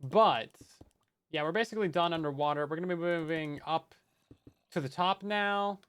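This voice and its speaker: A Minecraft let's play host, he keeps up a chatty, self-mocking narration as he builds, talking to chat throughout. His voice is on the high side, fairly bright and smooth, at a moderate pace.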